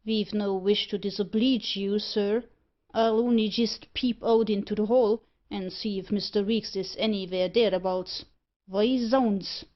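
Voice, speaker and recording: A crafty, rough-spoken tinker who talks in broad dialect, as a woman reads him. The audiobook sound is dull and lo-fi. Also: medium pitch, steady tone, a little slow, lightly acted. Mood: sly. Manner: dialect speech, knowing. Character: sly cockney male tinker rogue. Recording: muffled lo-fi audiobook recording.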